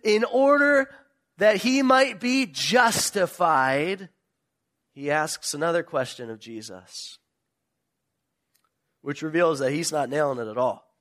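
A male pastor preaching a sermon, retelling a parable with animated storytelling and emphatic questions. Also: a little high, slow pace, long pauses.

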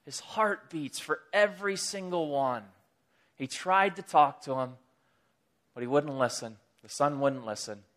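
A man preaching a sermon, retelling a story in a lively, casual way with chatty asides. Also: unhurried. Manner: animated storytelling, pitch rising with excitement.

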